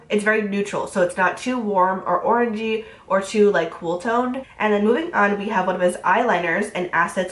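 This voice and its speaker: A woman's voice: mid-range voice, fairly bright tone. A young woman, nasal from a cold, chatting casually through a makeup review full of fillers. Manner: chatty, fast, filler-heavy. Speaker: beauty vlogger. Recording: roomy echo.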